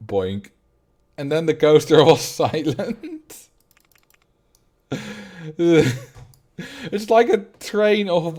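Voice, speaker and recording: A man's voice: on the high side, darkish tone. Chatty Dutch man streaming a game. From Netherlands. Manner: chatty, laughs often, jokes about words. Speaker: livestreamer. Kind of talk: casual gameplay commentary.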